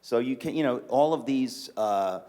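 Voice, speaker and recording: Middle-aged new york guy cracking jokes on a church stage, regular mid-pitch voice. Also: normal speed. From New York City. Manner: joking, animated storyteller. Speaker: guest author. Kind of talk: casual chat. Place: church stage before an audience.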